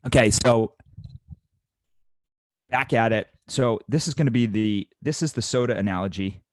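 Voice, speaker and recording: A man with a fairly low voice coaches restaurant servers, working through the numbers one step at a time. He presses the important points home by repeating them. The sound is dry and close, with no room echo. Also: normal speed. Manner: emphatic, repeats key points. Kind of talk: instructional talk.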